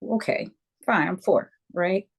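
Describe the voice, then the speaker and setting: A woman's voice: on the low side, slow pace, creaky, husky. An American woman in her fifties, a guest telling a personal story in an interview, acting out voices and often checking in with "okay?". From United States. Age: 50s. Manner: animated storyteller who acts out voices and keeps checking in with "okay?". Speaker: guest, Reiki practitioner.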